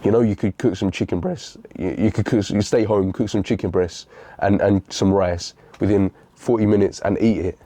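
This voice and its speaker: A man's voice: fairly low pitch, fairly even intonation, normal speed, dark tone. A young man giving a blunt, repetitive motivational talk, calling the listener bro. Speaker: fitness motivational speaker.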